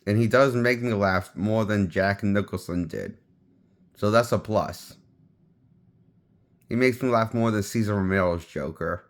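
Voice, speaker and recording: A man's voice: fairly low pitch, unhurried, pauses often. A man giving a casual spoken movie review, rambling and often restarting his sentences as he shares offhand opinions. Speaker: film reviewer.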